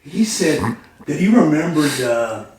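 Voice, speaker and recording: A man's voice: a little high, big pitch swings, unhurried, a loud crowd. A man hosting a podcast, asking rambling questions with fillers in a casual interview. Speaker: podcast host. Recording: echoey room, distant from mic.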